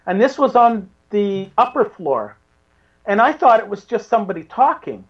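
A woman's voice: medium pitch, sing-song, moderate pace, muffled recording. A woman who investigates the paranormal, a guest in a casual interview, rambling with many restarts.

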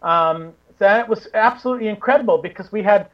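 A woman's voice: mid-range voice, a little fast, dull audio. A woman who investigates the paranormal, a guest in a casual interview, rambling with many restarts.

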